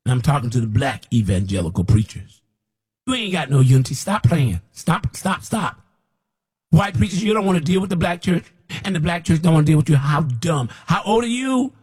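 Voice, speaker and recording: Husky man preaching bluntly. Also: on the high side. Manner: blunt, scolding, rambling with repeats. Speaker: self-described prophet. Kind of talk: preaching to camera.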